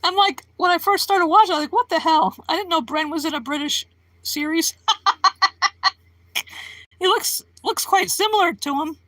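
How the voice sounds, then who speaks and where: A woman's voice: very high voice, normal speed, pauses often, fairly bright tone, no echo. A woman live streaming, chatting casually with her viewers in a rambling, giggly way and laughing often.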